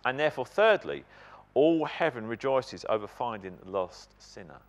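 A man preaching a sermon in a church, emphatic and animated, putting questions to the congregation. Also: medium pitch, moderate pace.

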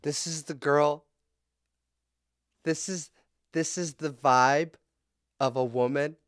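A man hosting a podcast, ranting bluntly and profanely with heated swings into loud outbursts. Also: fairly high pitch, fairly even intonation, takes it slowly, clean tone, dry recording, studio quality. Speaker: podcast host. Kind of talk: casual podcast rant.

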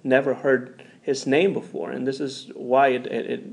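A man hosting an interview, asking questions in a halting way and restarting words. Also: medium pitch, level tone, creaky, darkish tone. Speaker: podcast host.

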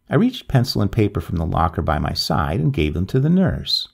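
A man narrating a ghost story in a measured, expressive reading. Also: low-pitched, gravelly, breathy edge.

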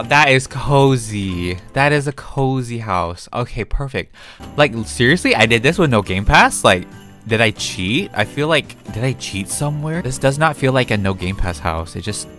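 A young game-building video creator narrates his build in a fairly low voice. He's chatty and excitable, gasping and squealing through his casual gameplay commentary.

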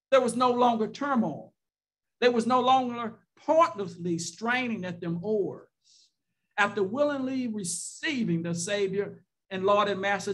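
A man's voice: high-pitched, a bit bright. A man preaching a sermon as pastor, building his points with rhetorical questions and repeated phrases, sometimes stretching words out for emphasis.

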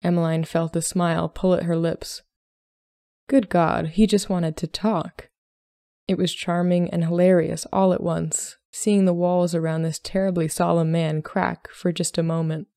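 A woman hosting a podcast, reading a story aloud in a measured storybook narration. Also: on the low side, level tone, creaky, mellow, dry recording, studio quality.

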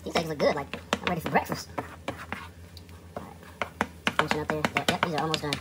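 Heavy noise sits behind this man's fairly high, steady-toned voice as he talks at a quick pace. He's a home-kitchen cooking vlogger giving a casual demo, joking casually and addressing viewers head-on.

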